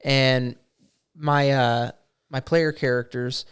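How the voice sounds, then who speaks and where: A man with a smooth, resonant voice chats casually as he recounts the last session he ran as game master. He tells it as a loose story and drops in quick lines in the voices of goblins and players. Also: mid-range voice, steady tone, a bit bright. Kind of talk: casual chat.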